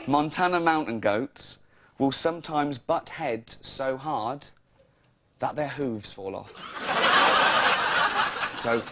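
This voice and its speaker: A man's voice: mid-range voice, slow, long pauses, bright, forceful tone. A man, a comedian rambling through jokes and laughing at his own lines. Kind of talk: stand-up style comic monologue.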